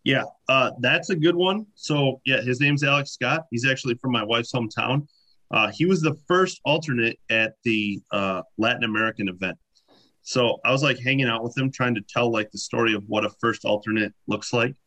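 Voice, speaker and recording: A man telling stories in a casual chat, animated and full of fillers. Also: mid-range voice, normal speed. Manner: animated anecdotes, many fillers. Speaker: podcast guest. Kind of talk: casual storytelling.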